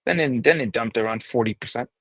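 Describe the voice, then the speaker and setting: A man with a mid-range voice walks through chart analysis in a casual podcast. He explains each step in a steady, plain way, recorded close and dry. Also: medium pitch, fast talker, husky, no room sound, poor audio.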